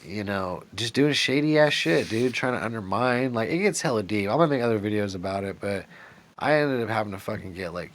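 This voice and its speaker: A man's voice: on the low side, animated, fairly quick. A man telling a rambling, profane story straight to camera in a vlog, agitated and paranoid, full of "dude" and "like" and restarts.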